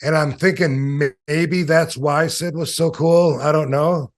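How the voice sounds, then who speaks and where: Man telling rambling stories, slightly high. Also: fairly even intonation, measured pace. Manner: rambling anecdotes with many fillers; acts out quoted voices in stories. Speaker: interview guest, former wrestler. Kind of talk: casual storytelling interview.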